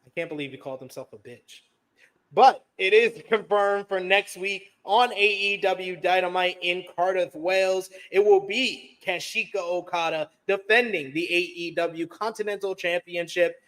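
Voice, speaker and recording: Higher-voiced male wrestling recap host. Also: moderate pace. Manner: recapping news, then calmly defending his opinion. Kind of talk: casual wrestling show recap.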